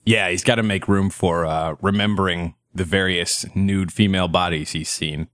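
A man's voice: sits low, fairly even intonation, normal speed, a bit bright, no room sound. A man in his thirties hosting a casual comedy podcast, joking crudely and laughing often. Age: 30s. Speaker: podcast host.

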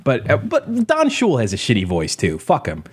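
A man's voice: mid-range voice, wildly swooping pitch, moderate pace, husky. A man in a casual podcast chat, blunt and profane, rambling and laughing often. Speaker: podcast co-host.

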